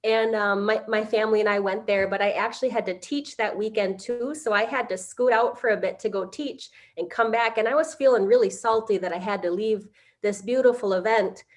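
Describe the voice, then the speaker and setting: A middle-aged woman telling a personal story in a halting way, with many fillers and restarts. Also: medium pitch, fairly even intonation. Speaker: interviewee. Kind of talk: casual storytelling.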